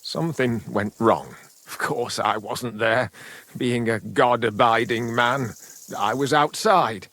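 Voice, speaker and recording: An actor voicing a middle-aged village father in a medieval game, slow and brooding, grieving and bitter with angry bursts. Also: medium pitch, a bit bright. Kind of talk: voiced game dialogue.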